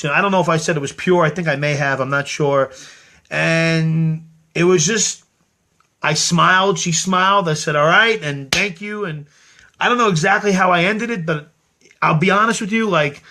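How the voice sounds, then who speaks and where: A man's voice: a little high, moderate pace, sharp tone. A middle-aged man telling a story in a casual, rambling monologue, earnest and full of restarts and quoted lines. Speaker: host of his own show.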